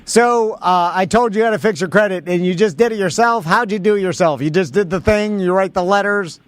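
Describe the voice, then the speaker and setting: Male radio host, fairly high voice, dry close sound, easygoing and quick to laugh. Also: no room sound. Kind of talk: casual talk-radio banter.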